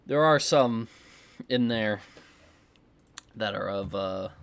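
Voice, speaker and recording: A man's voice: fairly low pitch, takes it slowly, vocal fry, smooth. Man musing aloud over clips. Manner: thinking aloud, restarting questions. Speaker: reaction commentator. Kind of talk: casual commentary.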